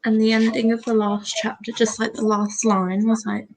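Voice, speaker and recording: A young woman joining a casual livestream as a guest, relaxed and enthusiastic. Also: on the high side, normal speed, low-quality recording.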